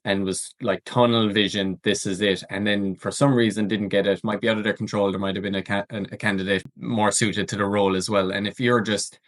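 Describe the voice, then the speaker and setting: A man hosts a podcast interview with a fairly low voice. He reflects and thinks aloud in a casual conversational way. His questions are relaxed and searching. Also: a little fast, hardly any pauses. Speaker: podcast host.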